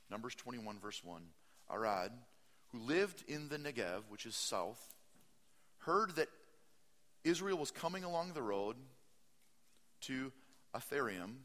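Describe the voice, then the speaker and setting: A male pastor preaching in a church. His bright, forceful voice rises into loud bursts and drops to quiet asides as he reads and explains scripture. A long reverb from the big room trails behind each phrase. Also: medium pitch. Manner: animated preaching, swinging from loud to hushed; reads scripture aloud and stops to comment. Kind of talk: sermon.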